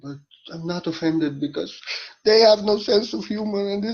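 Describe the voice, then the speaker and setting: A man's voice: high-pitched, normal speed, highs cut off. A man giving a spiritual monologue in a playful, irreverent way, swearing casually.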